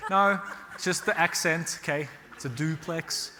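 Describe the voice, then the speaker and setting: A man's voice: on the high side, brisk, a little hiss or hum. A man from Australia giving a real estate workshop to a live audience, telling stories and checking in with "right?". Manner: animated storytelling with frequent rhetorical "right?". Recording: hall reverb.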